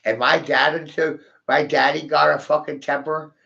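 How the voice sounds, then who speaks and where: A man's voice: on the high side, steady tone, moderate pace, creaky, pushed and bright, lo-fi sound, a little hiss or hum. A man rambling through a vlog monologue, cursing, taunting his viewers and laughing at his own jokes.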